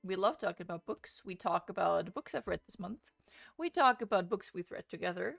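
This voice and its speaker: A woman's voice: on the low side, expressive, a little fast, vocal fry, a bit bright, faint music behind. A young woman hosting a casual book livestream, chatty and swearing freely as she greets her viewers. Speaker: book streamer.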